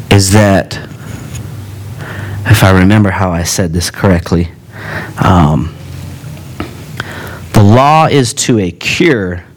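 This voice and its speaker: A man preaching a sermon in a relaxed, conversational way, with joking asides between earnest points. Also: lowish voice.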